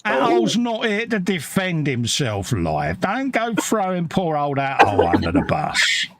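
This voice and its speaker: Gravelly British man reading live chat. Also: a little high, huge pitch swings, measured pace, background noise. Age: middle-aged. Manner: reads chat comments aloud, bantering. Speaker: livestream host. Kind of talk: casual chat.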